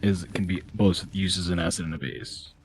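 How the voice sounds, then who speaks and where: A man's voice: low voice, steady tone, brisk, faint music behind. A man chatting casually while playing a video game, rambling and thinking aloud with lots of fillers. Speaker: let's play co-player. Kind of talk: casual gaming chat.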